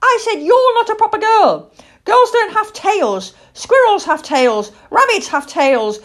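A woman's voice: very animated, a little slow, a bit bright, exaggerated voice. A woman voicing a small, curious baby barn owl boy who gets cross easily, reading a storybook. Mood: indignant. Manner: high, eager and indignant.

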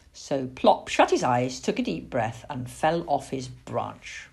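A woman reading a children's storybook aloud, expressive, with little asides. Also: a bass voice, slow pace, vocal fry, hardly any pauses, breathy edge. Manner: expressive and warm-paced, with asides.

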